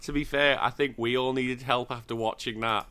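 A man's voice: medium pitch, fairly even intonation, normal speed, pushed and bright, clean tone. A man hosting a podcast, recapping a film in sweary, mocking casual chat and acting out the characters' lines. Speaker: podcast host.

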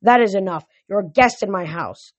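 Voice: mid-range voice, lively intonation, normal speed, a little mellow, dull audio, lightly acted. Reader putting on a cruel grumbling death god. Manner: gruff and sarcastic.

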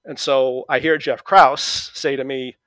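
A middle-aged man from New England with a New England accent, a guest calmly telling stories about his past with many fillers and restarts. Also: medium pitch, measured pace, no room sound. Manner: relaxed storytelling with fillers and restarts. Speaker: interview guest. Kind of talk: conversational reminiscing.

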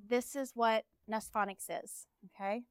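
A woman's voice: a little high, fairly even intonation, measured pace, clear, resonant tone, no room sound. A woman from Texas, an educator explaining her program in a friendly live conference presentation.

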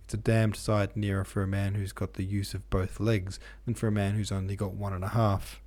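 A man voicing a gruff, resentful elderly country doctor in an audiobook reading, with a barking, snarling delivery. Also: on the low side, flat delivery, a little fast, a little mellow, lightly acted.

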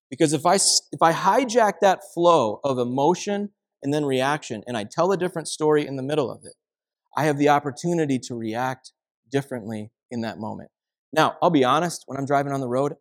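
A man preaching a sermon as pastor, telling everyday stories in a conversational way. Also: a little high. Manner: conversational storytelling with acted quotes.

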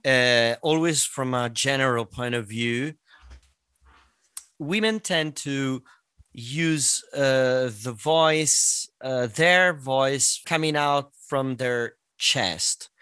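A man with an Italian accent, a singer and voice teacher, explaining things in a casual podcast chat, pausing often with fillers. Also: mid-range voice, bright, forceful tone, clear, resonant tone, no room sound. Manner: explanatory, hesitant with many fillers.

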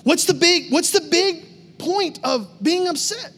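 A man's voice: extremely high pitch, fast, sharp tone, voice pushed up, full character voice. A man voicing God as a male figure who presses a sulking prophet with repeated questions. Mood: pressing. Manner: repetitive insistent questioning.

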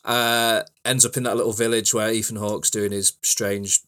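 A man co-hosting a podcast in casual chat, relaxed and rambling as he talks. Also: fairly low pitch, normal speed. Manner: relaxed, rambling, many fillers and restarts. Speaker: podcast co-host.

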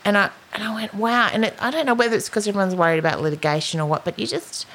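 Lively Australian woman telling a story. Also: medium pitch, rapid-fire. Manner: animated storytelling, acts out quotes. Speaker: podcast co-host. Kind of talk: casual chat.

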